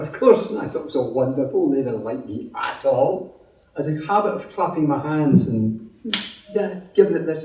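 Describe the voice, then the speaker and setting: A man's voice: on the high side, darkish tone, echoey room, distant mic, poor audio. A Scottish man giving a personal testimony at a meeting, telling his story in a chatty, humorous way. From Scotland. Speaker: testimony speaker.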